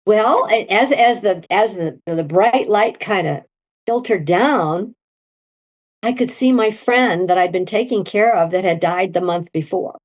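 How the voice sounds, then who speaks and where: A middle-aged woman telling her story in an interview, animated and leaping into high quoted voices. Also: measured pace. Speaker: guest, near-death experiencer.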